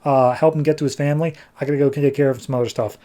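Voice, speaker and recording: A man's voice: medium pitch, steady tone, racing, mellow, close to an everyday voice. A man doing a flippant God as a little dog. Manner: casual, flippant, curt. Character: offhand, bossy God in a little dog's form.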